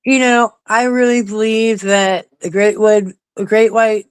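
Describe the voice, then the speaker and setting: A woman's voice: mid-range voice, flat delivery, a little slow, clean tone, no room sound. A woman guest in a casual chat, telling anecdotes and often repeating her words. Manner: chatty, repeats herself while telling anecdotes.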